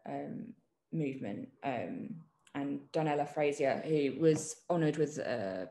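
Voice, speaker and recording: A woman journalist talks through her views in a relaxed interview, her voice low with a gravelly texture. She pauses often with ums and restarts her sentences as she thinks. The sound carries a roomy echo. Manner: thoughtful, many ums and restarts. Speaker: journalist guest. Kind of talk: reflective conversational interview.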